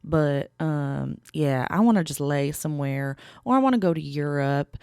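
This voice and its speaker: Young woman rambling on her podcast, kinda low voice, dry close studio mic. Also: lively intonation, normal speed, hardly any pauses, darkish tone, clear, resonant tone, no echo. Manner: rambling, chatty, heavy on fillers. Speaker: podcast host. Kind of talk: casual solo podcast chat. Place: small home podcast studio.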